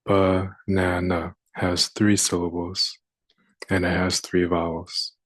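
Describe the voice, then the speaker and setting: Slow, low-voiced man teaching phonics. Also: monotone, a bit bright, dry recording. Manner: slow and deliberate, sounding out words. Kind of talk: phonics lesson.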